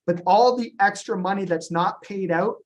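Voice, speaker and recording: A man leading a business presentation on a group call, animated and storytelling, with frequent ums and retold dialogue. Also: high voice, moderate pace. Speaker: company founder presenting to agents on a call.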